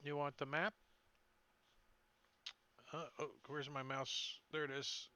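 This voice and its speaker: A man running a tabletop game as game master, talking in a relaxed, rambling way on a voice call. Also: fairly high pitch, slow pace, clear, resonant tone. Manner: relaxed, rambling, loose fillers.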